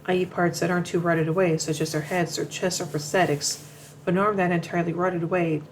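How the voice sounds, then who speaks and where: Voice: medium pitch, little pitch movement, brisk, slight background noise, poor audio. A commentator reading a narration from notes, often stumbling, repeating words and restarting sentences. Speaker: show commentator.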